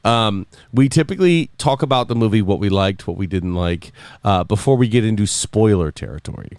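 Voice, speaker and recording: A man's voice: lowish voice, lively intonation, brisk, a little mellow, smooth, dry recording. A man hosting a casual podcast, rambling and joking with many fillers. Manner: rambling, filler-heavy, jokey. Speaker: podcast host and sound engineer.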